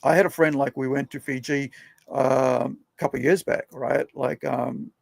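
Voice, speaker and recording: Gravelly, husky man telling stories. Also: mid-range voice, fairly even intonation, moderate pace, no echo. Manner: rambling, conversational, leans on tag questions. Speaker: podcast host. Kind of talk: casual storytelling chat.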